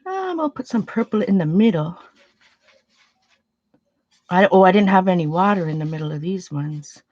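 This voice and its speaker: A woman's voice: on the low side, expressive, normal speed, a little mellow, no room sound, lo-fi sound. A woman hosting a casual painting livestream, chatting loosely with viewers as she works and sniffling a little. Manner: chatty, rambling, greets viewers, thinks aloud. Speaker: art livestream host.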